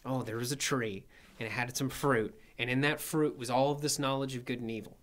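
A man's voice: mid-range voice, fairly even intonation, a little fast, fairly bright tone. A man leading a conversational Bible study, reading verses and explaining them with frequent checking questions. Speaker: Bible class teacher.

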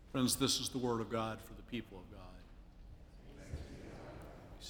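Pastor preaching in a reverberant church. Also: male voice, on the low side, fairly even intonation, moderate pace, pauses often, fairly bright tone. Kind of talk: funeral sermon and scripture reading. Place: church sanctuary. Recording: long reverb of a church hall, faint noise.

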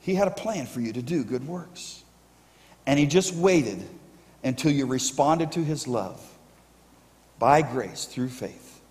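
A man's voice: mid-range voice, lively intonation, slow pace, pauses often, darkish tone. A male pastor preaching a sermon, emphatically rallying his congregation to answer him back. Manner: emphatic call-and-response with congregation. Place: church sanctuary. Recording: echoey church sanctuary.

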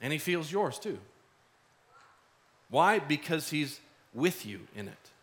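Pastor, male, young adult; earnest, chatty sermon delivery, bright voice. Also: on the high side, very animated, slow. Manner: earnest, conversational preaching with acted-out asides.

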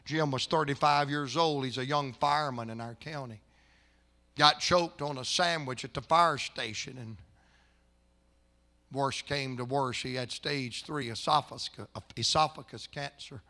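An older man, a pastor, telling a story in a sermon, folksy at times and rising into impassioned, shouted preaching in a church. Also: medium pitch, unhurried.

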